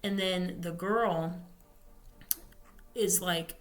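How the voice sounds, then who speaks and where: Drawing out her words with fairly even intonation, a young woman whose voice is lowish recaps a novel casually on her podcast. She rambles, using many fillers and frequently correcting herself.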